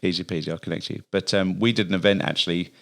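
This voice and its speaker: Deep-voiced easygoing male podcast host. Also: steady tone, fast talker. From Australia. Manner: easygoing, with frequent um fillers. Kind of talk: casual podcast chat.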